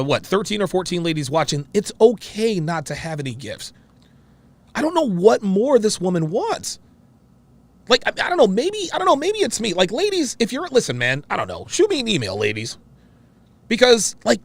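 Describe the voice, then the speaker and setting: A man hosting a reaction show, talking in a casual, exclamatory way and often repeating himself. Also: high voice.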